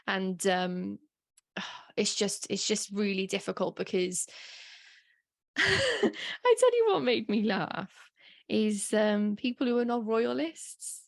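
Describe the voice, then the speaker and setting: A woman's voice: medium pitch, very animated, slow pace, gravelly, pauses often. A woman co-hosting a casual podcast chat, talking emotionally with lots of fillers. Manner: chatty and emotional, with frequent fillers and laughs. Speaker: podcast co-host.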